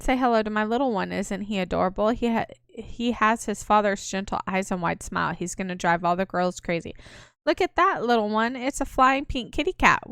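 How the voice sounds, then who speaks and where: A woman's voice: on the high side, fairly bright tone, clean tone, no echo, clean studio sound, voice pushed up. A woman voicing a doting young mother who coos at her baby in a sing-song way.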